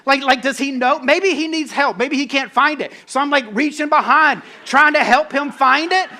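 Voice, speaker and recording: Animated male preacher with a bright, forceful voice, self-mocking storyteller. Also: very high voice, normal speed. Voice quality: bald-headed, bearded. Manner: animated, self-mocking, acts out his own panic. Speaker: pastor. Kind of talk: sermon storytelling.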